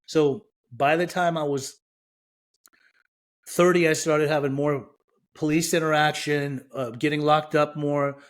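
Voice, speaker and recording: A man's voice: a little high, steady tone, measured pace. A man from Iran, a podcast guest, frankly and reflectively telling his own recovery story with self-mocking humor.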